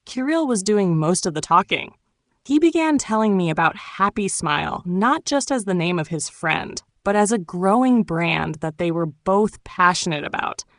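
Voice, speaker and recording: A woman from Turkey, narrating her own memoir audiobook in a calm, reflective storytelling manner. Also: medium pitch, normal speed, no echo.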